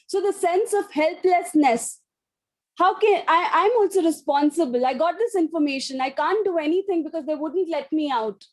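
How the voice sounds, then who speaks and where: High-voiced woman presenting a webinar. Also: fairly quick, rough recording. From India. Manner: reads out audience responses as a child's inner voice; hesitant with fillers. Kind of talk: online training session.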